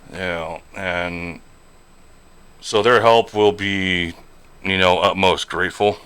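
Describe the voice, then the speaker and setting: A man's voice: low voice, steady tone, slow, fairly bright tone, clear, resonant tone. A man streaming a trucking game and chatting casually, rambling along with lots of fillers and "you know". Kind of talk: casual live-stream chat while gaming.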